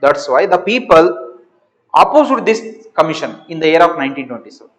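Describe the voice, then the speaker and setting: A man's voice: on the high side, very animated, quick pace, a bit bright, in a large hall, low-quality recording. A man teaching social studies in Indian English with a Kannada accent, repeating key points and asking and answering his own questions. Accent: Kannada-influenced Indian English. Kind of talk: classroom lecture.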